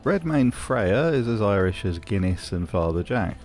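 A man narrates a video essay with dry, wry humour. His voice sits on the low side. Soft music plays underneath. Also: very animated, moderate pace. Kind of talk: scripted narration.

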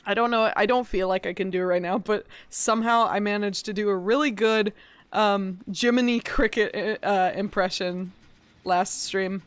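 A woman's voice: medium pitch, steady tone, normal speed, smooth, no room sound. A woman streaming a game live, chatting casually with viewers in a playful, profane way. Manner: playful, profane, bursts into gasps and laughs. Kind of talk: casual live-stream chat while gaming.

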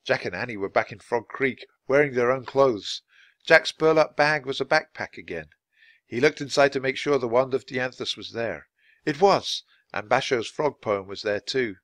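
A man narrating a children's chapter book in a clear, steady reading voice. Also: medium pitch, moderate pace, no echo. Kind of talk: scripted storybook narration.

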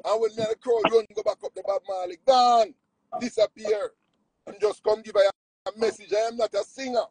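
A man's voice: moderate pace, vocal fry, slightly rough, no room sound, poor audio. Jamaican nutritionist, man, bold swooping delivery, dry close sound. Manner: animated, preachy, swings pitch widely. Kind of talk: casual spiritual storytelling.

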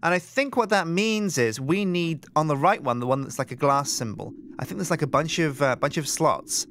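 A man hosting a game let's play, chatting in an animated, rambling way and thinking aloud. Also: fairly high pitch, moderate pace, a little hiss or hum. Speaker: host.

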